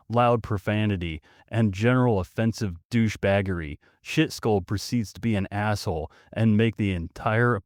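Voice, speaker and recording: A man's voice: fairly low pitch, a little mellow, no room sound, studio quality. A man hosting a podcast, reading a story aloud with sardonic, mocking asides. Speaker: podcast host.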